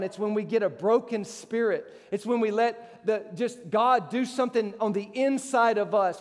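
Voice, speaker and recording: A man's voice: sits high, in a large hall. A man preaching a sermon as pastor, emphatic, his voice leaping up on rhetorical questions.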